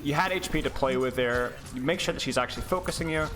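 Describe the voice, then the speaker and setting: A man's voice: mid-range voice, quick pace. A young man coaching as he reviews a game, sarcastic and mocking, breaking into laughter. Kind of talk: live gameplay review coaching.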